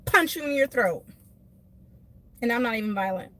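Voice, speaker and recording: A woman beauty vlogger ranting animatedly to her live viewers from her car, emphatic and quick to laugh. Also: fairly high pitch. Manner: animated, emphatic, laughs often, talks to chat by name. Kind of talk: casual venting rant to live viewers.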